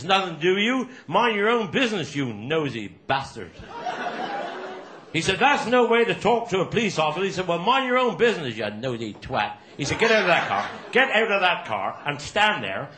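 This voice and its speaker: A man telling crude stand-up jokes with lively delivery and laughter. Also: sits high, noisy background. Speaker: stand-up comedian. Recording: roomy echo.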